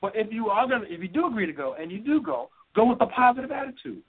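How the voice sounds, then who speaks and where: A man co-hosting a radio talk show, chatty and quick to back up his co-host while giving advice. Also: high-pitched, lively intonation, breathy edge. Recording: thin phone-like radio sound.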